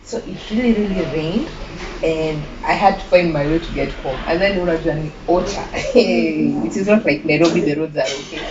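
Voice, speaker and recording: A young woman with a Kenyan accent tells a personal story as an interview guest, animated and quick to laugh. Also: low voice. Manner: animated, laughing, mixing in Swahili phrases. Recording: muffled with clear background noise.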